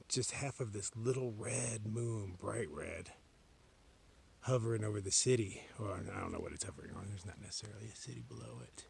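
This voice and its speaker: A man vlogging alone on a forest trail at night, chatting casually to a handheld camera as he walks, sometimes dropping to a hushed whisper. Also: lowish voice, brisk, vocal fry, a little hiss or hum. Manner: chatty, drifting between normal voice and hushed whispers. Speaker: solo long-distance hiker vlogging. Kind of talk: casual talk to camera while hiking.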